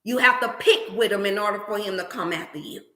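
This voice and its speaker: A woman hosting a motivational wellness livestream, preaching in an animated, scripture-laced way. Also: mid-range voice, quick pace, roomy sound. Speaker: wellness channel host.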